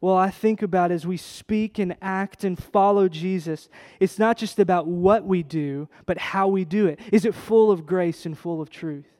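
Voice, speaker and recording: Guy preaching a sermon, kinda high voice, goes from hushed to big and loud, long echo of a big hall. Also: moderate pace, few pauses. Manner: impassioned, swings from hushed to loud emphasis. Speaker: pastor. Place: church sanctuary. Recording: long reverb of a large hall.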